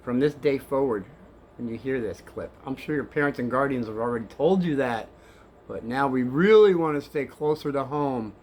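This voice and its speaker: An older man telling kids a story in a rambling, animated way, swinging between hushed and excited. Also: mid-range voice, normal speed, slight background noise.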